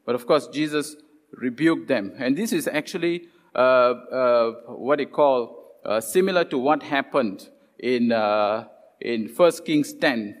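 A man's voice: medium pitch, takes it slowly. Man preaching in a reverberant hall. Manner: retelling scripture stories with animated quoted voices and frequent fillers. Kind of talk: sermon.

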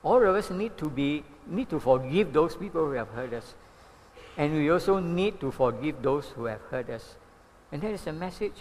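A man in his seventies with a Malaysian English accent, preaching a sermon as an animated storyteller who keeps saying "you know". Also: fairly high pitch, normal speed, long reverb tail, a little hiss or hum. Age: 70s. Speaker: pastor.

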